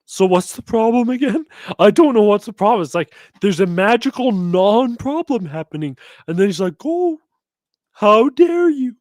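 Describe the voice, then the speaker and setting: Sarcastic reaction host, mocking tone, very lively pitch, dry close sound. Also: normal speed, dry recording. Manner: mocking, laughing, animated. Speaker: commentary host.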